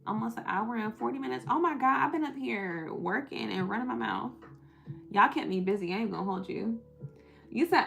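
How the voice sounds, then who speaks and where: A woman's voice: mid-range voice, fairly quick, creaky, a bit bright, soft background music. A young woman with a Southern US accent, tired, chatting on a live stream, reading the chat aloud and laughing often.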